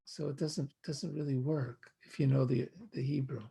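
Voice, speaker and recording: An older American man, a rabbi, giving a reflective sermon in slow, measured, poetic phrasing. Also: mid-range voice, flat delivery, creaky, dark tone, slightly rough.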